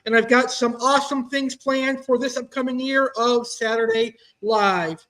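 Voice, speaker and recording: A man's voice: very high-pitched, fairly even intonation, moderate pace, sharp tone. A man hosting an amateur online show, talking in an upbeat, enthusiastic way. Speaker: show host. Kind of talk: casual hosting.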